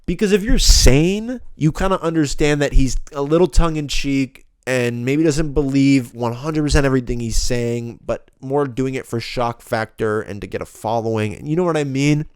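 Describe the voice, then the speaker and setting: A man's voice: mid-range voice, moderate pace, hardly any pauses, a little mellow, smooth, no room sound, studio quality. A young man hosting a solo podcast, ranting bluntly and profanely in a rambling, casual way. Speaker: podcast host.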